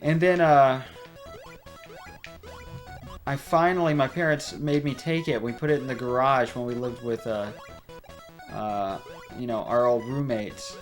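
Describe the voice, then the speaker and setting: A man's voice: medium pitch, steady tone, a little slow, pauses often, faint music behind. Rambling young man commenting on gameplay. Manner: rambling, goes off on tangents; chatty, laughs often. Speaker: let's play host. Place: home room.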